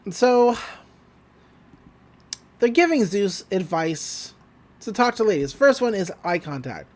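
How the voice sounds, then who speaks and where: A podcast host walks through a cartoon episode casually. The voice swings around a lot in pitch and laughs come often. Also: sing-song, slow.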